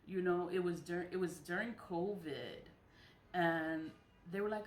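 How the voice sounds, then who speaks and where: Animated New woman in an echoey room. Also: fairly low pitch, measured pace. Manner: animated, emphatic, repeats phrases, swears. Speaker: vlogger. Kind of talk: casual personal rant. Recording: echoey room with faint noise.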